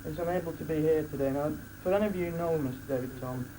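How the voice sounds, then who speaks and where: A man on the high side speaks quickly, giving a joking best man speech at a wedding reception while laughing between lines and restarting his sentences. The audio is poor, with loud crowd noise from the live reception.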